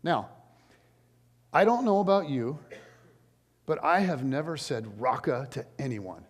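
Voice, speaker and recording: Animated male pastor in a reverberant church. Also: mid-range voice, unhurried. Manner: animated, conversational, jokey asides. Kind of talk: sermon. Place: large church sanctuary. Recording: long hall reverb.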